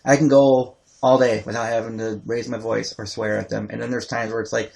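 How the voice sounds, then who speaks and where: A man in his thirties talks with a gravelly edge in his voice. He is a guest on a casual podcast and speaks bluntly as a worn-out parent. He swears without thinking about it. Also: medium pitch, little pitch movement, fairly quick, a little mellow, slight background noise. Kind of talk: casual chat.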